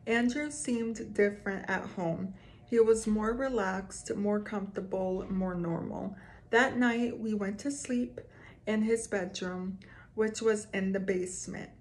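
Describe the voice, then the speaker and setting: A woman casually reading scary stories aloud to her viewers, stopping for quick reactions between passages. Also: medium pitch, a little mellow. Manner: slow, reads aloud with asides and reactions. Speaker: storyteller reading creepy stories.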